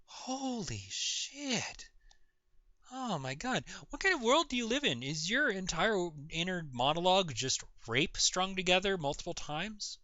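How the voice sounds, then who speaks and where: A man's voice: high voice, big pitch swings, unhurried, sharp tone. A man ranting sarcastically in a reaction video, mocking and exasperated, swearing often. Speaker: video commentator. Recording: dull lo-fi recording.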